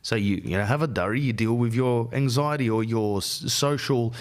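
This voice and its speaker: A man's voice: medium pitch, normal speed. An Australian man hosting a podcast, giving blunt, slangy life advice in a casual monologue. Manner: blunt and slangy, keeps calling the listener "bro". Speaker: podcast host.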